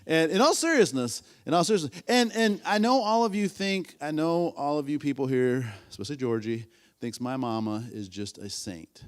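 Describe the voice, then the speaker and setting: Lively-voiced man teaching a church class. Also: a little high, moderate pace. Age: 50s. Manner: rambling, repeats himself, asks the class questions. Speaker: Sunday school teacher.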